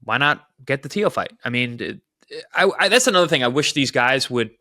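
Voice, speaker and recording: A former boxer talking fights in a relaxed podcast chat. His voice is bright and forward, and it leaps up in pitch when he gets worked up. The sound is dry and close to the mic. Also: a little fast, dry recording. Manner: animated, voice jumps up when excited. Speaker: boxing analyst, former pro boxer.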